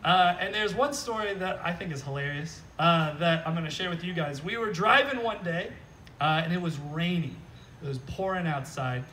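A man's voice: on the high side, moderate pace, a little hiss or hum. A man preaching a sermon outdoors, talking conversationally and animatedly and often checking in with "right?", heard from some distance from the mic. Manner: animated, joking, repeats "right?". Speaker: pastor. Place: outdoor church service.

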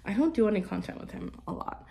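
A woman's voice: mid-range voice, animated, fast, vocal fry, warm tone. A woman in her twenties chatting casually in a vlog, rambling with many fillers and cooing to her pet. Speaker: vlogger.

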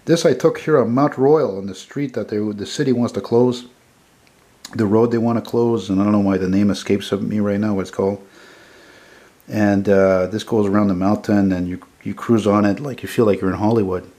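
A photographer from Montreal, Canada, in his 40s, rambles enthusiastically through the car prints he's selling, quick to correct himself along the way. His voice is on the low side, dark and steady, in this casual sales walkthrough.

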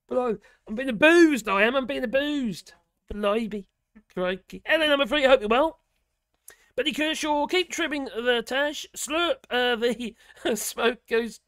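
A man's voice: very high voice, a little slow, pauses often, fairly bright tone, clean tone, no room sound, clean studio sound. A middle-aged man with a giggly, self-mocking manner, chatting casually as host of a live stream. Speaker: livestream host.

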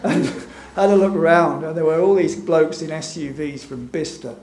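An invited speaker gives an informal talk over slides in a gallery event room, his voice fairly high, darkish in tone, and moderately paced. He hesitates often, leans on fillers, and has a wry, chuckling way about him. The room is echoey, with a faint hum in the background.

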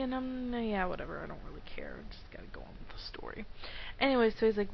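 A woman's voice: medium pitch, sing-song, moderate pace, creaky. A young woman giving rambling, giggly let's play commentary at home on a dull, lo-fi mic. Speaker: gamer. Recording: dull lo-fi mic with faint noise.

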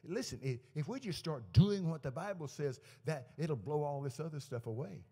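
A man's voice: fairly high pitch, normal speed, breathy edge. Folksy preacher man, echoey church hall. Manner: folksy anecdotes with lively quoted dialogue. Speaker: guest preacher. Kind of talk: storytelling sermon. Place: church service to a live congregation.

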